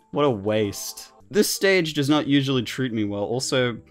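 Excitable man doing gameplay commentary. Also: mid-range voice, measured pace, soft background music. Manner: excitable, swears casually, laughs often. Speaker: gaming commentator. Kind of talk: let's-play commentary.

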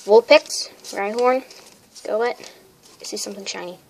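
A woman casually opening trading card packs, listing the cards and getting excited over good pulls. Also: mid-range voice, moderate pace. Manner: excitable, lists card names. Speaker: card pack opener. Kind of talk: casual unboxing chat. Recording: crinkling wrappers and noise behind.

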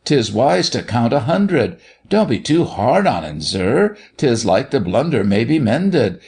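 A man voicing a timid young girl, pleading gently in a raised, soft voice. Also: medium pitch, very animated, unhurried, pitched above the performer's own voice.

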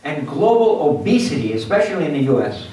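A man giving a lively motivational lecture at a symposium, acting out little scenes for his audience. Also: on the high side, brisk. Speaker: guest speaker at a symposium. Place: university lecture hall. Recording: echoey hall from far off.

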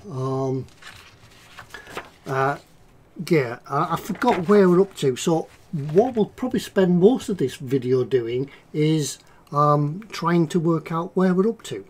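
A man's voice: on the high side, animated, slow. A man hosting a casual livestream about model making, chatting in a rambling, jokey way. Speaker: livestream host, model maker.

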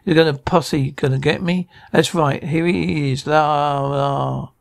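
Gravelly man bickering through a sitcom scene. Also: fairly high pitch, steady tone, moderate pace. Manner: bickering, flustered comic delivery with stammers and restarts. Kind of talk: one-man reenactment of a sitcom scene, voicing every part.

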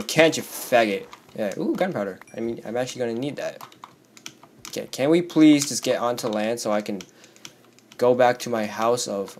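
A teenage boy with a hoarse voice from screaming, chatting and rambling while playing a block-building game, yelping when scared. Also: mid-range voice, moderate pace, slight background noise. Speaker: gaming YouTuber. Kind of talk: Minecraft let's play commentary.

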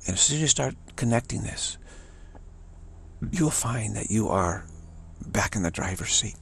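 A man's voice: on the low side, lively intonation, unhurried, vocal fry, a little hiss or hum. A man giving a casual spiritual teaching talk, musing and earnest, repeating phrases for emphasis.

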